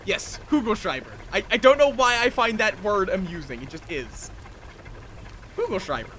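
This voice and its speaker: A male live streamer keeps up casual, rambling talk during a game, speaking to himself and to his audience. His high voice is very animated, moving at a moderate pace, pushed and bright, with slight background noise.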